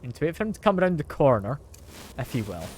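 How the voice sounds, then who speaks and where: Lively man chatting to stream. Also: a little high, fast, a little hiss or hum. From Britain. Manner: chatty, talks to chat, playfully defensive. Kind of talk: casual live-stream gaming chat.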